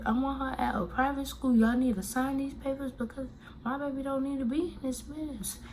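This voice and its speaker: A woman voicing her own mother, an angry parent scolding school staff in a sharp tone. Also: sits high, fairly even intonation, moderate pace, slight background noise, pitched above the performer's own voice, rough recording.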